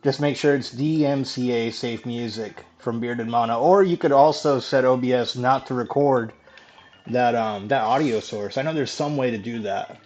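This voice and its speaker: Over a dull lo-fi microphone with faint background music, a man with a darkish tone and medium pitch speaks at a moderate pace. He chats casually with viewers during a live video game stream, laughing easily and swearing from time to time.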